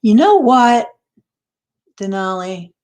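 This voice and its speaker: Speaking slowly in a sing-song, medium-pitched voice with a slightly mellow tone, a woman hosts a livestream. She greets viewers by name, chats casually, and laughs frequently.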